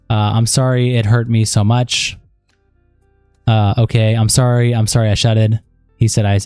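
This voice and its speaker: Male streamer, dark mellow voice, dry close sound, reads logs aloud and drifts into loose asides over faint music. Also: medium pitch, dry recording. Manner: steady reading with rambling casual asides and fillers. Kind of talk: reading chat logs aloud on a live stream.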